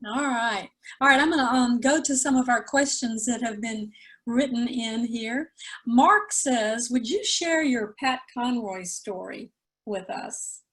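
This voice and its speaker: Slow, high-voiced woman interviewer. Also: a bit bright, poor audio. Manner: reads out audience questions, brief affirmations. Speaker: event host and interviewer. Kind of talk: conversational interview.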